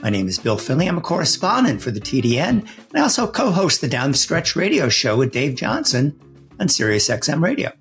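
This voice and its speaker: A man's voice: a little high, very animated, brisk, fairly bright tone, faint music behind. A man hosting a podcast, giving conversational introductions and asking interview questions. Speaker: podcast host, correspondent.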